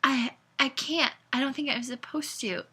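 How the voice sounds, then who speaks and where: A woman voicing a frightened, stubborn teenage girl in a storybook reading, with shrill bursts of indignation. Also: normal speed, bright, forceful tone, breathy edge, full character voice. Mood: anxious.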